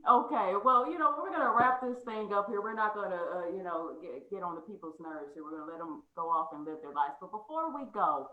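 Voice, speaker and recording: A woman hosting a casual chat, loose and joking, quick to laugh. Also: fairly low pitch, lively intonation, narrow, tinny audio. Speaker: host. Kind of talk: casual video call chat. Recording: echoey room.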